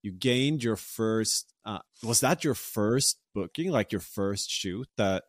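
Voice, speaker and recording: A man interviewing a guest in a relaxed, hesitant way, often restarting his questions. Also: lowish voice, takes it slowly, dry recording, clean studio sound. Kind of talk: casual interview chat.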